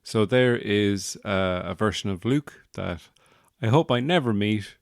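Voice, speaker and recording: A man with a fairly low, animated voice keeps a measured pace. He hosts a podcast as a new father, young adult or middle-aged, and his casual monologue is dry, joking and self-deprecating.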